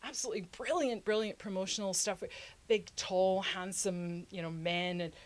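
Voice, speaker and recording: A woman hosting a history show, explaining the past in a lively, conversational way with frequent laughs. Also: medium pitch, moderate pace. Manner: lively, laughs often, acts out quotes in funny voices.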